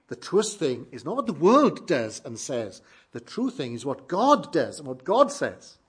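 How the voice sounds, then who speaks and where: A man preaches a sermon with a husky, somewhat breathy edge to his voice. His pitch sits a little high for a man. He speaks in a measured, emphatic way, drawing out key phrases.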